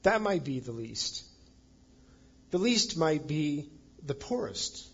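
Brief: male pastor, slow deliberate sermon delivery, husky tone, emphatic on key words, dull muffled recording. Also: a little high, big pitch swings, fairly bright tone. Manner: emphatic, reads scripture aloud.

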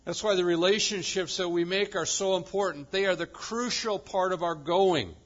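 A male pastor preaching a sermon with emphasis, swinging from loud proclamation to quiet intensity. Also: high voice, moderate pace, muffled recording.

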